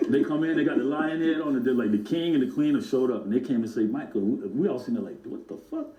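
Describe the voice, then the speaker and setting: A man's voice: medium pitch, quick pace, muffled recording. Man telling stories in a roomy space. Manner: acts out other people's voices in his stories. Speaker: guest music producer. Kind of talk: animated storytelling.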